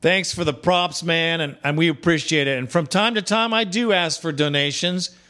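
Male call-in host, slightly high voice, blunt and buddy-buddy. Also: moderate pace, bright, forceful tone. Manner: blunt, chummy, calls callers brother. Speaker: podcast host. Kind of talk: casual call-in show hosting.

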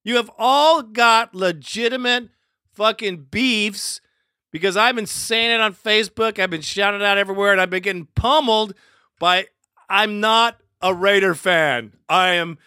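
A man rants solo as a podcast host, heated and profane. His voice sits high and bright. The sound is dry and close, with no room around it. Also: moderate pace, smooth, no echo. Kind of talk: solo ranting commentary.

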